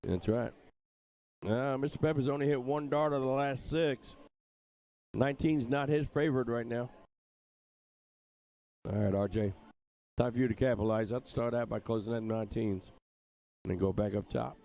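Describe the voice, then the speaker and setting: A man's voice: medium pitch, moderate pace, long pauses, dark tone. An older man from England commentating live on darts, in a chatty, joking way. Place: streaming booth at a dart tournament.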